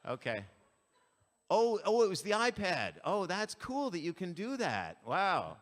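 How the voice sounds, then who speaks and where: A man fronting a band, bantering with a church concert audience in a playful deadpan way. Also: sits high, a little slow. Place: church sanctuary. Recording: live in a church hall, reverberant, with instruments.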